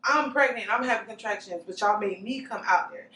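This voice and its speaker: A young woman giving a personal testimony in an interview, recounting events earnestly and haltingly, often restarting her sentences. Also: mid-range voice, pushed and bright. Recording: echoey room, distant mic, faint noise.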